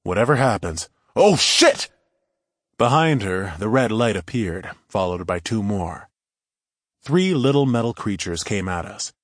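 Low-voiced male audiobook narrator. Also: expressive, measured pace, dry recording, clean studio sound. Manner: wry, conversational storytelling. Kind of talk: first-person audiobook narration.

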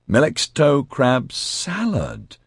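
A man's voice: a little high, big pitch swings, very slow, creaky, husky, no echo, clean studio sound, voice pushed up, heavily acted. A man doing a wry, drawling woman. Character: wry, affectionate young woman, partner.

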